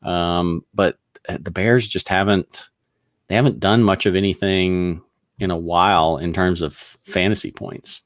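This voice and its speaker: A man co-hosting a fantasy football podcast, talking hesitantly with many pauses and restarts. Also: sits low, steady tone, dry recording, clean studio sound. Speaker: podcast co-host. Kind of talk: casual sports chat.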